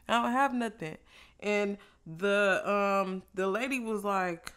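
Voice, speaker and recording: A woman vlogger telling a casual story while eating, loose and profane, with animated reenacted exchanges. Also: mid-range voice, a little slow, smooth.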